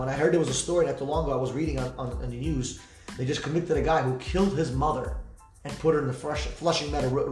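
A man hosting a podcast, speaking fast and heartfelt in an emotional personal monologue, repeating himself and swearing freely. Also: on the high side. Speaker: podcast host. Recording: echoey room with faint music.

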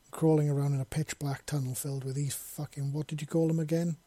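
A man's voice: fairly high pitch, little pitch movement, quick pace, mellow, no echo, lightly acted. A man voicing a nervous, apologetic young male escapee who swears a lot, in a fan fiction audiobook reading. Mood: jittery.

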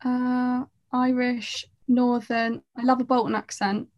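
A woman's voice: on the high side, flat delivery, takes it slowly, darkish tone. A woman chatting as a podcast guest, rambling and self-deprecating, trailing off mid-sentence. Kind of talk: casual chat.

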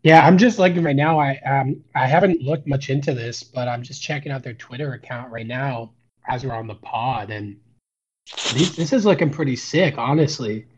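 A man's voice: mid-range voice, normal speed, slightly rough. A man co-hosting a casual wrestling podcast, rambling with many fillers. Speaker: podcast co-host. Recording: dull lo-fi mic.

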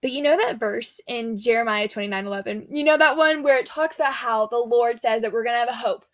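A woman's voice: a little high, fast, dry recording. Earnest, chatty young woman, dry sound. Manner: chatty, earnest, slangy storytelling. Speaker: faith speaker. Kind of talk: casual devotional talk.

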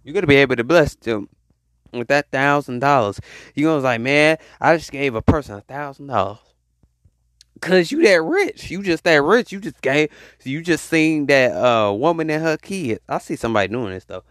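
A man preaches to his podcast audience, urging them to say it with him. His voice sits fairly high and swings widely in pitch. The recording is dry and close. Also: animated, no echo. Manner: call-and-response exhortation, drawn-out hype. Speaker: podcast host. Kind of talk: motivational preaching monologue.

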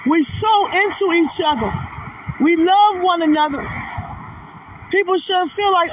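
A woman's voice: extremely high pitch, a little slow, pauses often. A woman preaching a sermon, building emphatic runs of repeated rhetorical questions. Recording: distant mic, faint noise.

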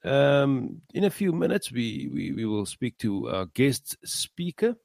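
A man hosts a motivational talk in a slow, gravelly voice that swings widely in pitch. He halts often, repeats words and leans hard on key phrases. The sound is dry and close. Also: very animated, a little mellow, dry recording. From South Africa. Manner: halting, many fillers and repeated words; earnest, rising emphasis on key phrases. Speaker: podcast host. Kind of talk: motivational monologue.

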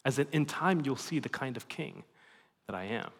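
A pastor giving a sermon, animated and swinging between emphatic and hushed delivery. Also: male voice, mid-range voice, moderate pace. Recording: long reverb in a large hall.

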